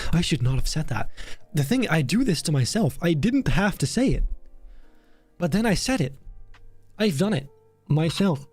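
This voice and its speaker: A man's voice: on the high side, sing-song, a little slow, pauses often, darkish tone, slightly rough. A young British man chatting casually on a live stream as he builds, thinking aloud and poking fun at himself. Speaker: streamer building a theme park. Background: faint background music.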